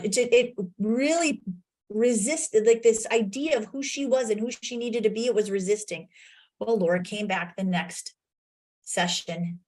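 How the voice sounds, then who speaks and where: Lively woman coach giving a talk. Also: fairly high pitch, unhurried. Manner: energetic storytelling, acts out client's quotes. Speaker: conference speaker and coach. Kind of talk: virtual conference presentation.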